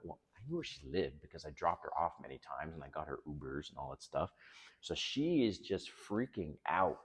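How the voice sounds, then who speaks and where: A man's voice: rumbling low, big pitch swings, normal speed, breathy edge. An older man hosting a vlog, telling personal stories in a frank, casual way and swearing freely. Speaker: host.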